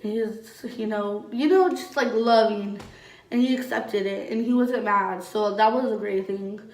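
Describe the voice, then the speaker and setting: A woman's voice: medium pitch, a little slow, a little mellow, recorded from a distance. A young woman telling her own story in a casual vlog, rambling with many fillers and frequent swearing. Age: young adult. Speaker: vlogger. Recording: roomy echo, voice a bit off-mic.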